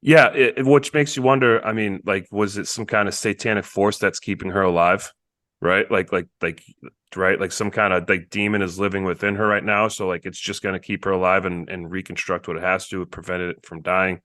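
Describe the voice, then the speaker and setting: A man's voice: deep voice, steady tone, sharp tone, no echo, studio quality. A man co-hosting a podcast, talking casually about a film and filling his sentences with "like". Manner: chatty, lots of "like" and quick agreement. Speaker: podcast co-host. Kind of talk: casual movie review chat.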